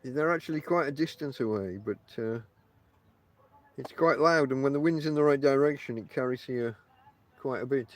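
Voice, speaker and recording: Mid-range and moderately paced, a middle-aged man hosts a casual podcast outdoors on the coast, rambling to listeners in a monologue. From England, he has a northern accent combining Yorkshire and Lancashire, and his chatty stories wander with plenty of ums and restarts while he addresses his audience directly.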